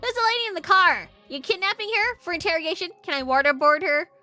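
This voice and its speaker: A woman voicing a rowdy young punk gang member in a loud, eager, brash way. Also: very high-pitched, fast, soft background music, voice pushed up.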